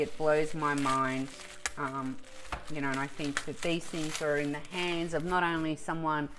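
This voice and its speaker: A woman in a casual unboxing vlog who gushes with emotion and often breaks off in the middle of a sentence. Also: low-pitched. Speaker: vlogger.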